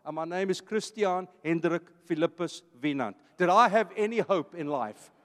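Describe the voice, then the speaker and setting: A South African pastor in his fifties, with an Afrikaans accent, addresses his church emphatically, repeating phrases in a preacherly style. His voice sits high, with lively intonation, a somewhat bright quality and normal speed. A long reverb tail follows his words.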